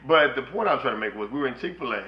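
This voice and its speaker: A man co-hosting a podcast with his wife, telling animated stories in casual chat and acting out the people in them. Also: medium pitch, racing, a crowd in the background. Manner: animated storyteller, acts out others' voices. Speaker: podcast co-host. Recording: echoey room, slightly dull lo-fi sound.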